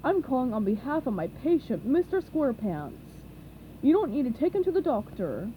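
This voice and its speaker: A woman voicing a dim-witted, boisterous male starfish in a storybook reading, loud, dopey and drawn-out. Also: high voice, big pitch swings, narrow, tinny audio, slight background noise. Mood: confident.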